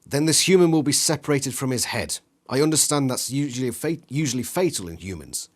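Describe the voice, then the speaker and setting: A man reading a gamebook aloud and voicing a sinister male deer-like alien with a low, mocking delivery. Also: animated, fairly quick, lightly acted. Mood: cold.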